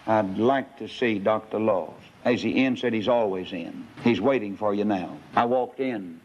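Dramatic male preacher on a dull old recording. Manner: dramatic storytelling, voicing characters, rising to high emphatic peaks. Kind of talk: sermon with acted dialogue.

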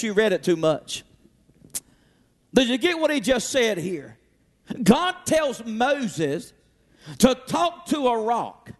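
High pitched guy preaching, slow and deliberate, keeps shouting and calling to the church. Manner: emphatic preaching that rises to shouts and calls to the congregation. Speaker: pastor. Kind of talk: sermon.

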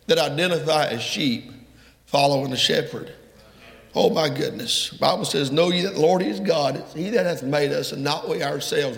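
Male preacher, gravelly and a touch high, fervent sermon delivery, long church reverb. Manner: fervent, rising to loud emphatic peaks. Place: church sanctuary. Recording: echoey hall from far off.

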